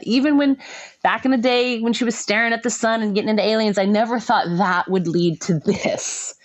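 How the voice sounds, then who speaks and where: A middle-aged woman telling a painful personal story with emotion, pausing and restarting often. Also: on the high side, fairly even intonation, no echo. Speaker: guest sharing her story. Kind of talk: personal testimony.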